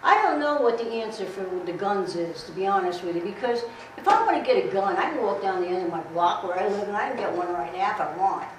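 A woman's voice: mid-range voice, animated, quick pace, few pauses. A middle-aged woman giving a blunt, streetwise safety talk to a class, repeating herself as she demonstrates. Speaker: guest speaker on safety. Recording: echoey room recorded from far, noisy.

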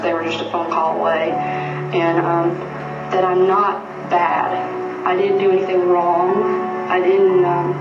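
A woman giving halting, earnest personal testimony, full of fillers and restarts. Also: lowish voice. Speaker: abuse survivor giving testimony. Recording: distant echoey dull archive clip. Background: loud music bed.

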